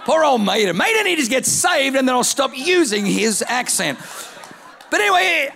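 A middle-aged male pastor preaching a sermon, telling stories with energy and building to shouted declarations. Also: extremely high pitch, sing-song, moderate pace, vocal fry.

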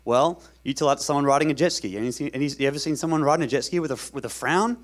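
A man's voice: a little high, racing. A man preaching a sermon as pastor, talking casually with the congregation, asking them questions and repeating lines for emphasis.

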